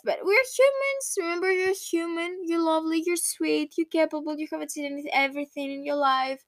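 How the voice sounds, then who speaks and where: Young woman, high voice, solo podcast host, rambling and heartfelt, dry close sound. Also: a bit bright, no echo. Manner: rambling, heartfelt and reflective, with frequent restarts. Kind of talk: casual solo podcast monologue. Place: at home at night.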